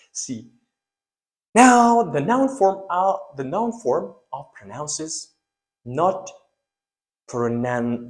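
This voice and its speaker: Male teacher, English, lively emphatic delivery, repeats each word as a drill. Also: a little high. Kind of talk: pronunciation lesson.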